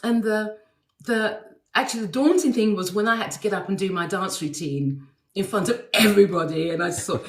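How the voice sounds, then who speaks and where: A woman's voice: mid-range voice, fairly quick, echoey room. A woman with an English accent sends a recorded message, telling stories in a chatty way with many fillers and restarts. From England. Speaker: guest sending a recorded message. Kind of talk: casual recorded anecdote.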